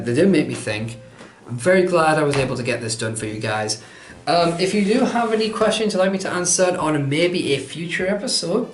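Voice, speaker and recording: A man's voice: medium pitch, reverberant. A man, answering viewer questions in a casual vlog, chatty and rambling, poking fun at himself. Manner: chatty, rambling, self-deprecating.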